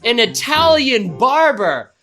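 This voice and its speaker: A man narrating a scene excitedly during a live improv comedy show. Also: very high-pitched, takes it slowly. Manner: excited, lively storytelling.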